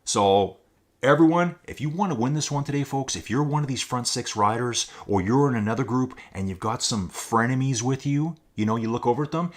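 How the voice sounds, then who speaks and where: A man's voice: medium pitch, normal speed. A man hosting a live stream, giving upbeat, chatty commentary on a virtual cycling race and reading out rider names and viewer chat as he goes. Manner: chatty, upbeat, keeps addressing viewers as folks; reads viewer names and chat aloud on the fly. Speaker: race commentator and channel host.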